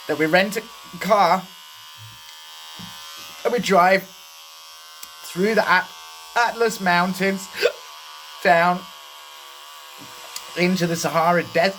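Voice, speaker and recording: A British man casually telling a funny story from his youth while his head is shaved, relaxed and swearing freely. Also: slight background noise. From Britain. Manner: slow, laid-back, swears freely; puts on a high voice when quoting others. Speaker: host.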